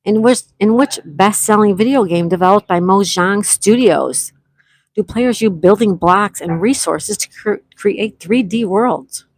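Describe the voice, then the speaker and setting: A woman's voice: medium pitch, unhurried, no echo, low-quality recording. A woman hosting a casual live-stream trivia game, reading each question twice and greeting players by name.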